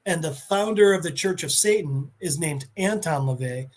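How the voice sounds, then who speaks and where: A man's voice: on the high side, normal speed. Enthusiastic man retelling a comic. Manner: animated, enthusiastic storyteller. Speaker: podcast co-host. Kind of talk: casual chat, retelling a comic.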